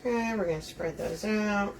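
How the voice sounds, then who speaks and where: A woman's voice: mid-range voice, normal speed, vocal fry. A woman hosting a live craft demonstration, chatting with viewers as she talks them through each step. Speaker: wreath-making host. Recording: distant mic, faint room noise.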